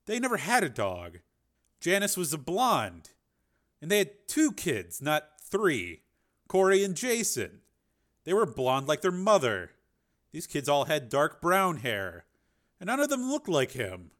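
A man narrating a dramatic audiobook and voicing its characters with shifting pitch. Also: wildly swooping pitch, unhurried, fairly bright tone.

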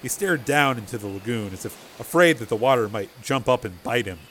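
A man narrating a novel chapter in a steady, measured storytelling voice. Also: medium pitch, a little hiss or hum. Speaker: audiobook narrator. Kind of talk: scripted narration.

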